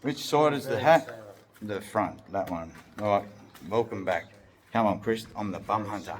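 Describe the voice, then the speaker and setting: A man's voice: lowish voice, moderate pace, slight background noise. A young Australian man rambling through a comedic vlog, crude and joking, often laughing. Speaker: vlog host.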